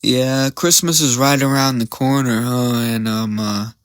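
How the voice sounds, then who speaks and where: A man's voice: medium pitch, steady tone, measured pace, no echo. A young man hosting a podcast, telling a story in a rambling, slang-heavy way and often getting sidetracked. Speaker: podcast host.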